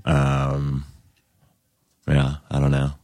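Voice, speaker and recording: A man in his thirties, a guest on a podcast, telling stories in a mellow, soothing voice with many fillers. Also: very deep voice, completely flat delivery, drawn-out words, no echo, clean studio sound. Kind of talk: casual storytelling.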